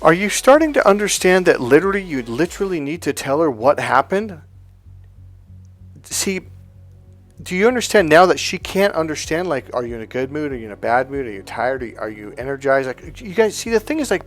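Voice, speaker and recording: A middle-aged man with a slightly high voice gives a casual dating lesson. He talks bluntly, swears freely and acts out his stories. Faint music plays behind him. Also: a little fast. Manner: blunt, heavy swearing, animated storytelling. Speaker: dating coach.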